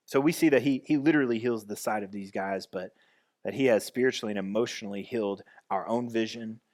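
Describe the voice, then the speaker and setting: A man's voice: fairly low pitch, a little fast, darkish tone. A man pastor giving a conversational sermon, restarting and repeating phrases as he goes.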